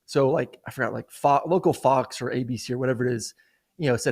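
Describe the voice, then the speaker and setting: A man's voice: medium pitch, fast talker, darkish tone. A man in his thirties co-hosts a casual sports talk show. His voice sits in a plain middle register, and he rambles through anecdotes with frequent fillers and restarts. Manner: rambling storyteller, many "you know" and "like" fillers. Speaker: co-host. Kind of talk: casual sports podcast chat.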